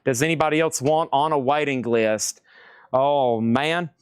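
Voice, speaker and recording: Live-sale host, male, upbeat auctioneer patter, bit high, dry close sound. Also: brisk, clean tone, no echo. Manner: excitable, jokey, exclamatory. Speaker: live-stream record seller.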